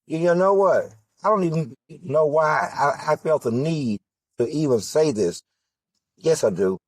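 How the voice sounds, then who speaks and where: Slow, deliberate male political candidate, husky timbre, hammering rhetorical questions. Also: fairly high pitch, expressive, no room sound. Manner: rhetorical questions, emphatic repetition. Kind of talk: impassioned political monologue.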